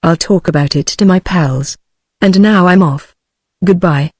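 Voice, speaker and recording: A woman's voice: lowish voice, measured pace, no room sound, clean studio sound. A woman with a British accent, a synthetic voice, reading the lines of a ruthless, misshapen male clerk holding a gun. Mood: menacing. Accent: British English. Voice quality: even synthetic delivery.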